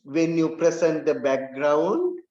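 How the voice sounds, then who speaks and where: A man's voice: fairly high pitch, animated, slow, darkish tone. A man lecturing a class, emphatic and repeating his key points for stress. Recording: echoey room, dull lo-fi sound.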